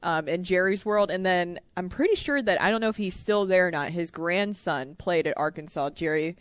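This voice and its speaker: A woman's voice: lowish voice, normal speed, smooth, no room sound. A woman co-hosting a sports talk radio show, chatting and teasing in a casual way.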